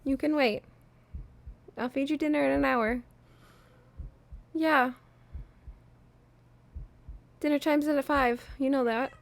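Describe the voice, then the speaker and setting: A woman's voice: sits high, fairly even intonation, moderate pace, creaky, dry recording. A woman streaming a game, chatting casually and playfully teasing her cat in baby talk.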